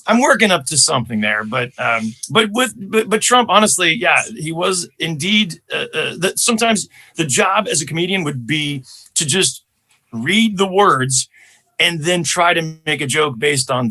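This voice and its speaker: Animated bright-voiced American comedian. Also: male voice, fairly high pitch. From Chicago, USA. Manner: animated, quick to slip into impressions. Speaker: guest comedian. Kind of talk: podcast conversation.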